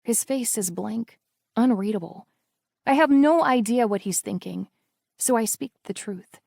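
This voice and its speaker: A woman's voice: on the high side, measured pace, gravelly, darkish tone, dry recording, studio quality. A woman narrating a first-person romance audiobook in an intimate, emotional reading style.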